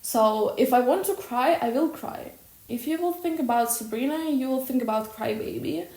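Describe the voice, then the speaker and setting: Loud, blunt young woman vlogging. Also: fairly high pitch, moderate pace. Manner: loud, blunt and expressive, swears freely. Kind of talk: personal vlog monologue. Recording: echoey room.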